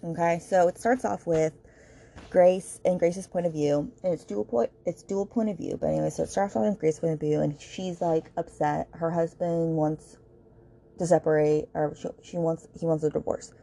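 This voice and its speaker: A woman's voice: sits low, fairly even intonation, moderate pace, creaky, mellow. A woman hosting a podcast and recapping a book in casual, gossipy chat, with lots of filler words and asides to her listeners. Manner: chatty and gossipy, heavy filler words, addresses listeners directly. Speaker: podcast host reviewing books.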